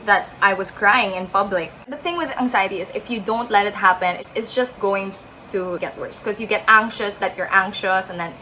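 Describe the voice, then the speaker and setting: Bright, chatty Filipino woman. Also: mid-range voice, normal speed, a little hiss or hum, low-quality recording. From Philippines. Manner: chatty, many likes, acts out quotes. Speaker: vlogger. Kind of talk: storytime vlog.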